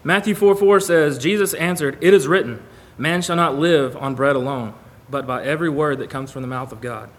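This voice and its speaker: Man preaching in a slightly high voice. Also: a little fast, few pauses. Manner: conversational, reads scripture aloud. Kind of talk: sermon to a congregation. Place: church.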